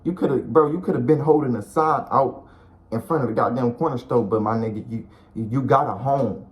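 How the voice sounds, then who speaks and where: Man vlogger, street-slang pep talk, blunt and preachy, average-pitched voice. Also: brisk, lo-fi sound. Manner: blunt, profane and slangy, repeats himself, calls the viewer bro and dog; preachy and encouraging. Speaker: video creator giving life advice. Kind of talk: casual motivational talk to camera.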